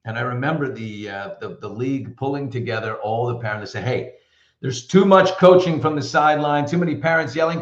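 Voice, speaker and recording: A middle-aged man hosting a casual live show, telling stories in an animated, opinionated way. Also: medium pitch, fairly quick, roomy sound, highs cut off. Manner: chatty storyteller, animated and opinionated. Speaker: host. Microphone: computer mic.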